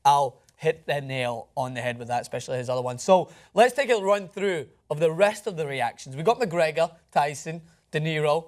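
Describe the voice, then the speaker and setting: Enthusiastic male sports show host. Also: a little high. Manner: enthusiastic, laughing often. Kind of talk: casual sports chat.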